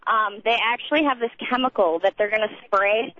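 A woman's voice: fairly high pitch, a little fast. A woman calling in to a radio show, matter-of-fact and playing along with the hosts. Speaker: caller. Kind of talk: phone-in call. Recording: tinny phone line.

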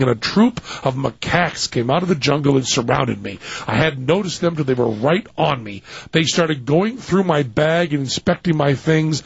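A man's voice: a little high, gravelly, husky, no echo. A man hosting a radio talk show, rambling and joking with many fillers as he reads a story aloud. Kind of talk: casual radio banter and reading aloud. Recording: dull lo-fi radio audio.

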